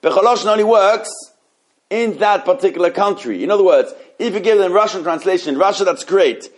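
A man teaching an informal Torah class, animated and halting, often restarting his sentences. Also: high voice.

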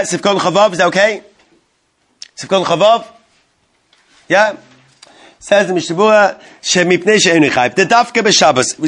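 High-voiced man teaching a halacha class. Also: fairly bright tone. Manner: translates Hebrew terms into English as he teaches, asks questions to the class. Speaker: Torah teacher. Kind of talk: Talmudic-style halacha class.

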